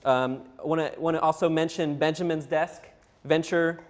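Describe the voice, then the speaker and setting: A man, the founder, chatting on a live charity broadcast, quick and full of plugs. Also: a little high, steady tone. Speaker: founder and guest. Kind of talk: live-stream chat. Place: broadcast set in Philadelphia.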